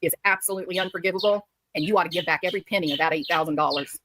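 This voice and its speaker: A woman's voice: on the low side, racing, noisy background. A woman giving heated commentary as a streamer, scolding and repeating herself for emphasis.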